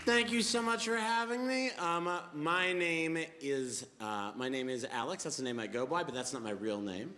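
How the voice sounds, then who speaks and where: A man in his twenties performing a stand-up comedy set on a club stage, telling stories with wry, animated delivery. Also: fairly high pitch, normal speed, hardly any pauses, some chatter behind. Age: 20s. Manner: wry, animated storytelling with acted-out voices. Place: comedy club stage before a live audience. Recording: echoey club with background noise.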